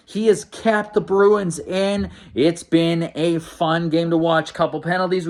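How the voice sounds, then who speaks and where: A man hosting a casual hockey game recap as an excitable, often exasperated fan. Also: sits high.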